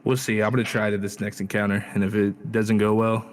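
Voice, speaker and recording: A man chatting casually with friends on a voice call during a break in a tabletop game, talking quickly and laughing easily. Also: fairly low pitch, flat delivery.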